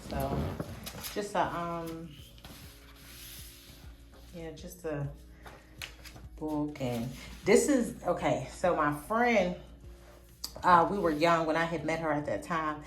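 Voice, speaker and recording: A woman from in her forties, chatting casually and excitedly as she shows off old keepsakes to her viewers. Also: low voice, slow, long pauses. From Pittsburgh, USA. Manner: chatty, tickled, easily excited. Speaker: vlogger. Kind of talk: casual nostalgic show-and-tell. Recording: echoey room with soft background music.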